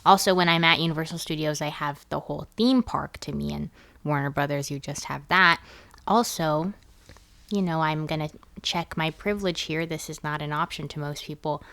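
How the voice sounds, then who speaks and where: A woman's voice: low-pitched, fairly even intonation, normal speed, creaky, fairly bright tone. A woman of twenty co-hosting a podcast, an upbeat, giggly voice in casual chat. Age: 20s. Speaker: podcast co-host.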